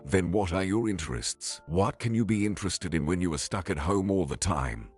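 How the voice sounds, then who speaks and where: Give me a timid yet sharp-tongued young girl, read by a man without changing his voice: teasing and sarcastic, in a very deep, lively voice. Faint music plays underneath. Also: moderate pace, slightly rough. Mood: prickly.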